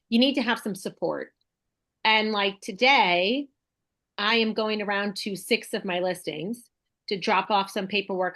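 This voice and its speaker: A middle-aged woman real estate broker hosts a casual video call chat, chatty and enthusiastic as she thinks aloud. Her voice is mid-range with a fairly bright tone.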